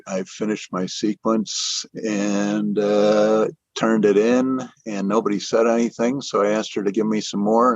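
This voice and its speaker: An older animator, interviewed, tells his career story in a lowish voice on a dry, muffled recording. The casual telling is rambling and self-deprecating, full of restarted sentences.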